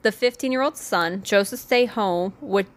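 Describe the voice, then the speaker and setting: A woman's voice: mid-range voice, moderate pace. A woman hosting a podcast, telling a haunting story in a casual, rambling way with plenty of swearing and asides.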